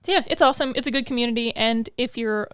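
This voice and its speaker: A woman's voice: fairly high pitch, quick pace, a bit bright, smooth, no room sound. A woman co-hosting a podcast in casual, rambling chat, laughing often, recorded on a stand mic in a small studio. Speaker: podcast co-host.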